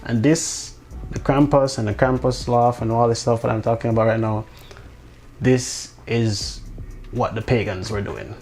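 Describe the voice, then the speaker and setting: A man's voice: medium pitch, fairly even intonation, a little slow, a little mellow, faint music behind. A man in a casual, rambling monologue who swears, restarts often and drops incredulous asides. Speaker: vlogger.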